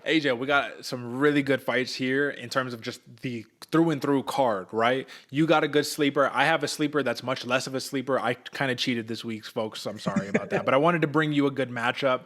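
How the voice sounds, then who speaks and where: A man's voice: mid-range voice, a little fast, few pauses, fairly bright tone. A young man co-hosting a casual sports betting podcast, hyped and slangy, calling the listener brother and folks. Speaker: podcast co-host.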